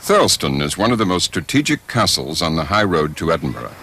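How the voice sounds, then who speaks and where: A man narrating a documentary in a measured, scripted way. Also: deep voice, sing-song, bright, forceful tone, slight background noise.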